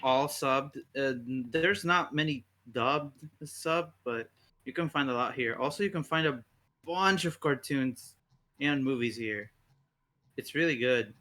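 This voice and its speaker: Bright, easygoing young man podcaster. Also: measured pace. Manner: easygoing, laughs often, pitches ideas eagerly. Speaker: podcast co-host. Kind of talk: casual chat.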